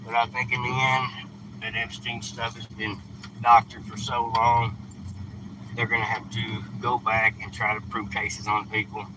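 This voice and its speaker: Streaming live from his truck beside the street, a male host gives away food and talks in a plain-spoken, blunt way, scolding now and then. He has a mid-range voice with a level tone and an unhurried pace. Traffic noise drifts in from outside, along with general car and street sounds.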